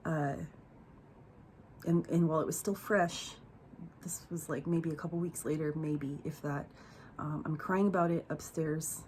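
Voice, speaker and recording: A woman's voice: low-pitched, steady tone, unhurried, a little mellow, a little hiss or hum. A young woman telling a candid personal story on her vlog, profane and emotional, rambling with fillers.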